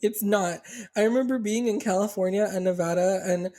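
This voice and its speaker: A young man with a South Texas accent, co-hosting a casual podcast chat, talking freely with lots of "like" fillers and quick restarts. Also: high-pitched, dark tone. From Rio Grande Valley, South Texas. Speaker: podcast co-host, drag performer.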